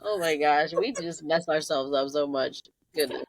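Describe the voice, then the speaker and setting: A woman's voice: low-pitched, moderate pace, rough recording. A woman hosting a podcast interview, affirming her guest with frequent short responses. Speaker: podcast host. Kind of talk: casual interview chat.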